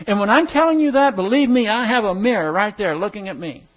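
High-voiced man teaching a class. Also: fast talker. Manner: conversational, asks the class questions. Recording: dull lo-fi recording.

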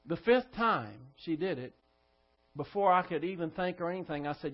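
A man's voice: a little high, expressive, normal speed. A male pastor preaching a sermon, telling a story in a firm, instructive manner. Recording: dull lo-fi church recording.

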